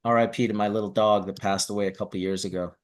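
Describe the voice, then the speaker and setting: A man hosting a casual chat, telling animated stories and swearing casually. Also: fairly low pitch, fast. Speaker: host.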